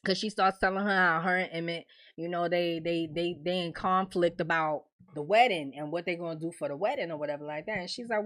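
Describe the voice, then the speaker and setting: A woman's voice: lowish voice, fairly quick, fairly bright tone. A woman casually recapping a TV episode in AAVE slang, acting out the characters' lines as she goes. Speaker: TV recap host.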